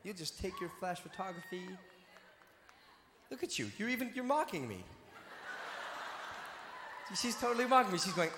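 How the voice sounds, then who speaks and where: A male stand-up comedian on a stage mic, teasing the crowd in a lively, bouncing voice pitched a bit high. The sound is roomy with a long hall reverb trailing behind each line, and the audience ambience is clearly audible underneath. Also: normal speed, long pauses, background noise. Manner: playful, teasing banter with the audience. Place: large live venue stage.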